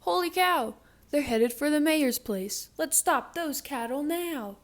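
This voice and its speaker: A woman voicing an alarmed fire chief in a children's storybook, yelling. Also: high voice, lively intonation, slow pace, pitched above the performer's own voice.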